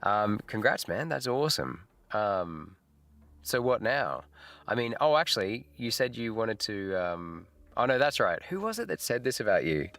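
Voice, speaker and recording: A man's voice: fairly low pitch, very animated, moderate pace, fairly bright tone, no echo. A middle-aged man, hosting a casual livestream chat, laid-back and rambling, laughing often. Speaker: livestream host. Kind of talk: casual live chat with viewers.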